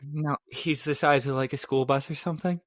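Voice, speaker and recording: A man co-hosting a podcast, bantering in casual chat with quick jokes. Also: on the high side, steady tone, no echo, studio quality. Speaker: podcast co-host.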